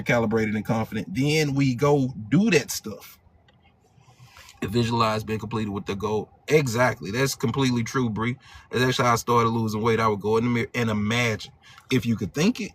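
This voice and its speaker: A man's voice: mid-range voice, a little hiss or hum. A male hypnotherapy coach leading a live motivational training, emphatic and repetitive, in casual slang.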